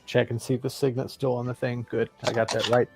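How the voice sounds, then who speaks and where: A man's voice: medium pitch, little pitch movement, quick pace, faint music behind. A man playing a tabletop game who declares his character's actions plainly and matter-of-factly. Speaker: player.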